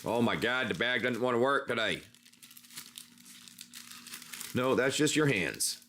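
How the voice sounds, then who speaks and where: A man's voice: mid-range voice, animated, normal speed, bright, forceful tone, slight background noise. A man hosting a casual livestream, chatting as he opens card packs and rambling through an improvised adventure story. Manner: rambling, chatty, talks while handling cards.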